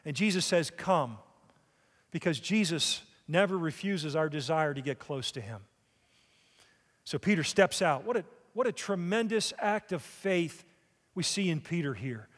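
A man with a high voice delivers a sermon as a pastor, putting questions to his listeners. His voice carries a long reverb, as in a large church hall. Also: animated, moderate pace. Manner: preaching with rhetorical questions to the congregation.

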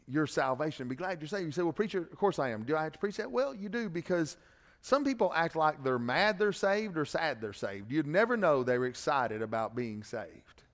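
A pastor with a mid-range voice preaches a sermon, swinging between loud, emphatic passages and quiet conversational asides. He repeats words when he restarts a phrase, and the audio has a big-room sound.

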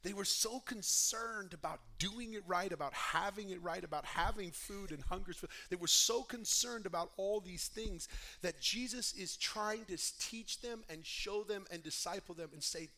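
A man preaching a sermon, impassioned, swinging between hushed talk and loud appeals to the congregation. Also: high-pitched, moderate pace. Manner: addresses the congregation directly. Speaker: pastor.

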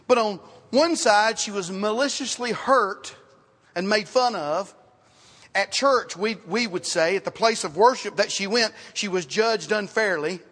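A man preaching a sermon as pastor, in a conversational style, repeating words and dropping to quiet asides. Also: high voice, measured pace. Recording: reverberant hall, sometimes off mic.

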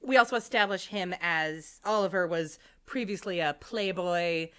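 A woman's voice: fairly low pitch, normal speed, fairly bright tone, clean tone. A woman co-hosting a podcast, chatting casually as she recaps a TV episode and acts out lines in mock voices. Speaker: podcast co-host.

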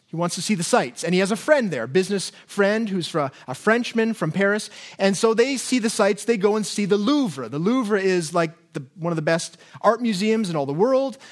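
A man preaching a sermon, telling stories and reading scripture in an animated way. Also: sits high. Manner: animated storytelling with put-on voices. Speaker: pastor.

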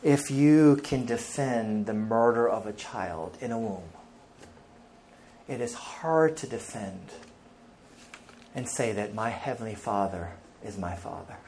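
A man's voice: fairly low pitch, a little mellow, a little hiss or hum. A male pastor preaching an emphatic sermon, reading scripture aloud and speaking directly to the congregation.

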